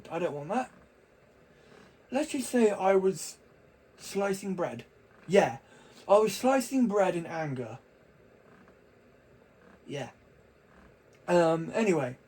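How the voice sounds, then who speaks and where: A man's voice: high-pitched, sing-song, takes it slowly, long pauses, darkish tone, husky, low-quality recording. A young man talking casually to camera, rambling and chatty with frequent restarts. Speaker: vlogger.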